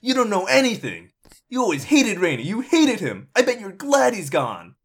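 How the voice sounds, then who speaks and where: A man voicing a grief-stricken teenage boy who shouts in rage. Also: sits high, huge pitch swings, normal speed, husky, pitched above the performer's own voice, heavily acted. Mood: furious. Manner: shouting, enraged.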